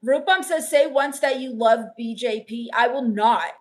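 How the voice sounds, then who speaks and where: A woman playing a sullen, scornful goth teen vampire on a comedy live stream, reading chat with deadpan, sarcastic put-downs. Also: a little high, a little slow, close to an everyday voice.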